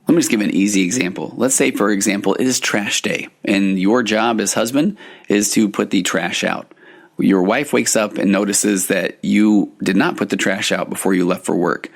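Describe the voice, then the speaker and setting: A man's voice: fairly low pitch, moderate pace, vocal fry. A man who hosts a podcast and works as a couples therapist, explaining ideas in an earnest way and often restarting his phrases. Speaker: podcast host and marriage therapist. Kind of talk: solo podcast teaching.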